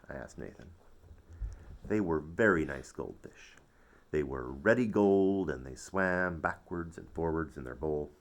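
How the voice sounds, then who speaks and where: A man reading a children's story aloud, expressive and playful. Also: extremely low pitch, measured pace. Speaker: storybook narrator.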